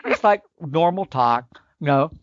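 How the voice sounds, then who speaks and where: A man explaining elk calling tactics in casual podcast talk, emphatic and animated, sometimes acting out the calls. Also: a little high, a little slow, lo-fi sound, very noisy. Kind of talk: instructional podcast chat.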